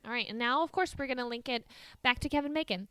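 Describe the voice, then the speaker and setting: A woman's voice: fairly high pitch, fast, fairly bright tone, smooth, no room sound. A woman co-hosting a casual movie podcast, enthusiastic and jokey with firm opinions. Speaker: podcast co-host.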